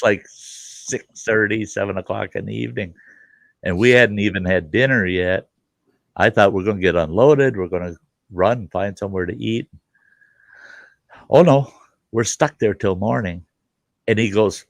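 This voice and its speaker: Male host, deep and dry-sounding, tells salty down-home stories. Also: moderate pace, creaky, pauses often, no room sound. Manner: folksy, salty yarn-spinning with crude asides. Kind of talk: casual storytelling chat.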